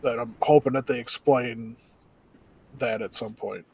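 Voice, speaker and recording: A man's voice: medium pitch, steady tone, measured pace, vocal fry, a little mellow, husky, poor audio. A man co-hosting a casual review chat, hesitant, with many fillers and trailing endings. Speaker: podcast co-host.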